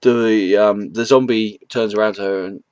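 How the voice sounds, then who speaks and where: A man's voice: fairly low pitch, steady tone, normal speed, background noise. A man casually retelling a comic book's story for a review, hesitant and rambling, with many ums and chuckles at the jokes.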